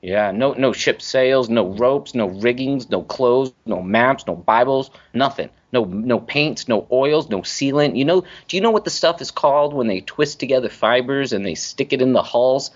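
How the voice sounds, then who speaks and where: A man guest on a podcast, telling stories in a casual, animated way, swearing freely and acting out the voices of people he quotes. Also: mid-range voice, normal speed, few pauses. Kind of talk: casual storytelling interview. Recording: dull lo-fi audio.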